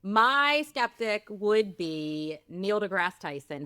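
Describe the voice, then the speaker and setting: A woman's voice: medium pitch, lively intonation, moderate pace, pushed and bright, no room sound, studio quality. A woman co-hosting a podcast, upbeat and laughing often in casual banter. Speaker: podcast co-host.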